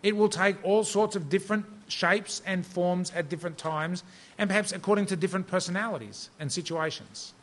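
A man's voice: high-pitched, fairly quick, a bit bright. A middle-aged man from Australia preaching a sermon in a conversational, self-deprecating storytelling manner.

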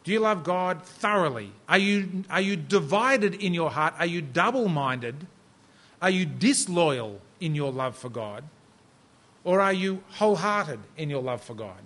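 Middle-aged aussie guy preaching, kinda high voice, chatty storytelling sermon. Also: fairly bright tone. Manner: conversational, self-deprecating storytelling.

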